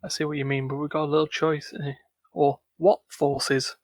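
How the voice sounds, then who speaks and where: A man with a slightly high voice reads a game's narration aloud, then breaks off into casual joking chat. His voice is dry and close, with no room sound. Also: little pitch movement, moderate pace, no echo. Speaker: game player reading the game's text. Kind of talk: casual let's-play narration.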